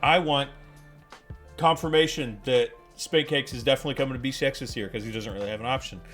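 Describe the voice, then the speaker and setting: Bright-voiced man joking on a podcast. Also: mid-range voice, fast talker, soft background music. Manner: joking, blunt, casual swearing. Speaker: podcast co-host. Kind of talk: casual chat.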